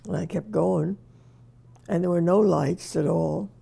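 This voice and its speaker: A woman's voice: on the low side, fairly even intonation, a little slow, vocal fry, mellow, husky. An older woman reminiscing in a casual interview, telling wry anecdotes and chuckling at herself.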